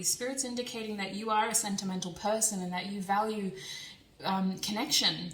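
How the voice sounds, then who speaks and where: A woman's voice: mid-range voice, a bit bright, slight background noise. Chatty young woman reading tarot, echoey. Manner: chatty, laughs often, thinking aloud. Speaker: tarot reader. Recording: echoey room, a bit distant from mic.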